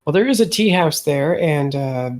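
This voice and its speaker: A man's voice: a little high, expressive, normal speed, a little mellow. Hesitant male game master. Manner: hesitant, many fillers, laughs easily. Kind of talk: narrating a tabletop game.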